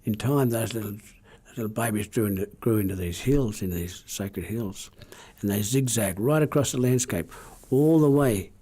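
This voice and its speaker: A man with an Australian accent tells an old story aloud, his voice low, mellow and husky. He moves in a measured, repeating cadence and often sinks to a hush. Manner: measured, repetitive cadence that drops to hushed tones. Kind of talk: oral storytelling.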